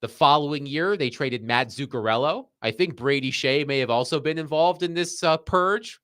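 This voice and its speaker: A man co-hosting a sports talk show, reading statements aloud and then commenting in a measured way. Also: a little high, a bit bright, clean tone, no room sound, studio quality.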